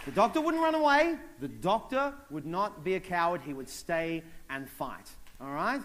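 A man telling a comic story on stage, animated, acting out other people and voices as he goes. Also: high voice, moderate pace, slight background noise. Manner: animated, acts out characters and voices. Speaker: stand-up comedian. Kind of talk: stand-up comedy storytelling.

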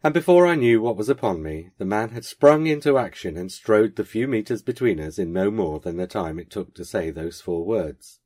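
A man with a deep voice and a husky, slightly rough edge reads a first-person story aloud. His delivery is measured and lightly wry. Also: expressive, warm tone. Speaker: podcast host reading a story.

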